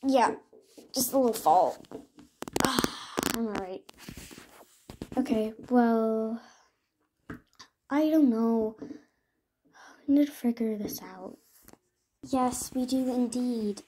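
Woman doing all the horse voices in a toy mystery, slow and a bit high, whispers some lines. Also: background noise. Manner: switches between chatty, whispered and accusing character voices. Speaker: toy horse role-play creator.

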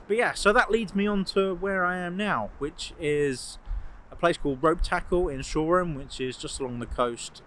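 A man's voice: on the high side, fairly bright tone, slight background noise. A man talks casually to his camera as a vlogger, hesitant and full of fillers. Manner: hesitant, filler-heavy, chatty. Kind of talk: casual vlog narration to camera.

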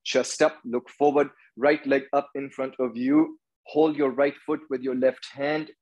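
A man's voice: mid-range voice, little pitch movement, measured pace, darkish tone, low-quality recording. A man leading a hot yoga class, giving firm, rhythmic commands and counting through each pose. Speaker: yoga teacher. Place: yoga studio.

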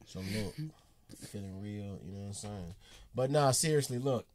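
A man's voice: fairly low pitch, moderate pace, darkish tone, a little hiss or hum. A man casually hosting a comedy reaction video, loose and slangy.

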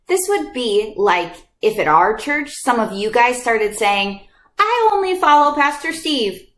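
A woman's voice: mid-range voice, a bit bright. A woman leading a children's Bible lesson, talking animatedly and acting out voices for the kids. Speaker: children's ministry teacher. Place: church video lesson.

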